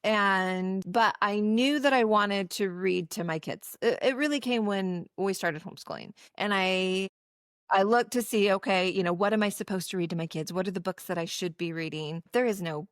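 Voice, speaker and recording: A woman's voice: mid-range voice, normal speed, dry recording, clean studio sound. Woman podcast co-host, chatty, gropes for words, homeschooling parent. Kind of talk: casual podcast conversation.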